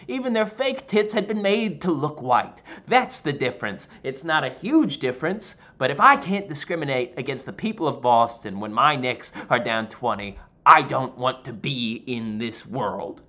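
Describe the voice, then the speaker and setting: Animated male stand-up storyteller. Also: medium pitch. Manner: animated, exasperated, deadpan asides. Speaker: stand-up comedian.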